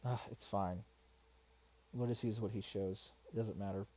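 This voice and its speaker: A man with a lowish, mellow voice and fairly even intonation streams a response video at normal speed. His commentary is casual and rambling, and he grows frustrated, swearing and muttering to himself as he searches.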